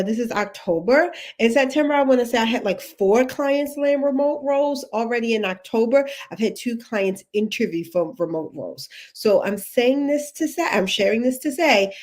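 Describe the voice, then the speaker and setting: A Texan woman with a slightly raised pitch talks in a casual livestream as a career coach. She is chatty and laughs often, and she greets viewers by name as she goes. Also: darkish tone. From Texas.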